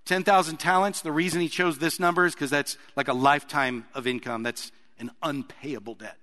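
A man's voice: fairly high pitch, fairly even intonation, brisk, pushed and bright. A man preaching a sermon in a conversational way, putting questions to his listeners. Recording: long reverb of a large hall.

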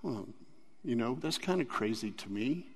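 Earnest man with a gravelly voice. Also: mid-range voice, expressive, moderate pace, darkish tone, long reverb tail. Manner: rambling, earnest, laughs often. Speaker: church member giving testimony. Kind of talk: personal testimony.

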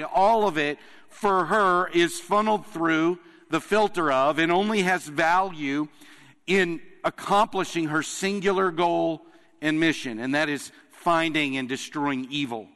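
A man preaching from the pulpit, his slightly raised voice carrying through a big sanctuary with a long reverb tail. He speaks earnestly, leaning on pauses to drive each point home. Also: on the high side, fairly bright tone. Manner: earnest storytelling with emphatic pauses. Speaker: pastor. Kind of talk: sermon. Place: church sanctuary. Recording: long reverb of a large hall.

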